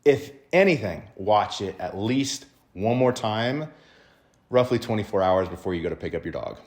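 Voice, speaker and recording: Man, dog trainer, emphatic teaching tone, keeps asking right, lively intonation. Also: lowish voice, normal speed. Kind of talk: instructional explanation to dog owners.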